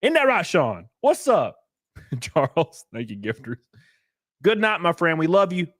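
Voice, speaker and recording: A man hosting his livestream in casual chat, loud and joking, who breaks into sudden yelps of excitement. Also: fairly high pitch, measured pace, no echo, clean studio sound. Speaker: streamer host.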